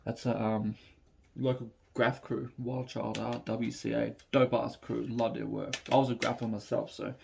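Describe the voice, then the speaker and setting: A man's voice: mid-range voice, level tone, moderate pace, vocal fry, a little hiss or hum. Man, Australian accent, casual reaction chat, rambling, fillers, phone recording. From Melbourne, Australia. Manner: rambling, many fillers and restarts. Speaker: reaction video host.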